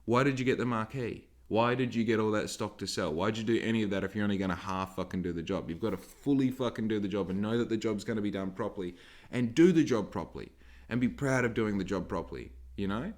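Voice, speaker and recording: A man's voice: lowish voice, fast. An Australian man hosting a solo podcast from home, rambling and emphatic with a lot of swearing. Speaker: podcast host.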